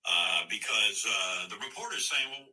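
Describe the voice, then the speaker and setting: A man's voice: low voice, expressive, moderate pace, bright, forceful tone, distant mic, low-quality recording. A man talking as a radio host, blunt and sarcastic, with many fillers, heard from a clip played back. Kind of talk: sarcastic talk-radio commentary.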